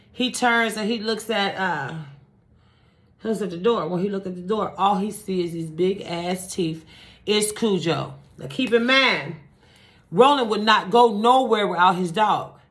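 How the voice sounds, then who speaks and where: A woman vlogger telling a true-crime story in a casual, animated, profane way, acting out gunshots with sound effects. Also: medium pitch.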